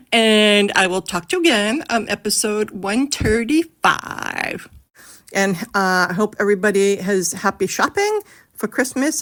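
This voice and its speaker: A woman's voice: medium pitch, fairly bright tone. Gushing middle-aged woman, lots of ums. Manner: chatty and gushing, many ums, casual swearing. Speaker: listener sending in a voice message. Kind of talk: casual rambling voice message.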